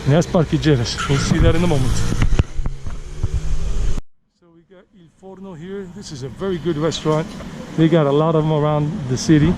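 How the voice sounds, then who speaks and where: A man rambles through a casual walking tour of city streets, repeating himself as he points things out. His voice sits a little high, and it is recorded on a handheld camera mic. Passing cars and the noise of the street come through clearly behind him. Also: brisk, pauses often. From United States. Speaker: tour guide vlogger. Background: city traffic and street ambience.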